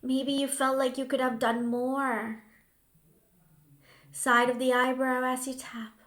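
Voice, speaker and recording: A woman guiding a grief tapping session in a slow, soothing voice, now and then dropping to a soft whisper. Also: sits high, little pitch movement, reverberant. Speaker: healing coach.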